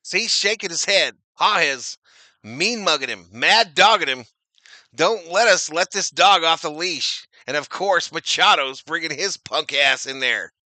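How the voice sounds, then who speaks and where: Bright, slow-talking excitable male fan commentator. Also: on the high side, no room sound. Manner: excitable, slangy, laughs often, reads chat comments aloud. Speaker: live-stream baseball commentator. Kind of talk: casual fan play-by-play commentary.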